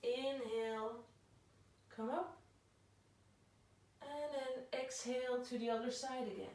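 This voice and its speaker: Slow, calm woman guiding yoga, echoey. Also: fairly high pitch. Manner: slow, calm cueing of breath and poses. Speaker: yoga instructor. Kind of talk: guided yoga class instruction. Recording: very echoey room, voice from far off.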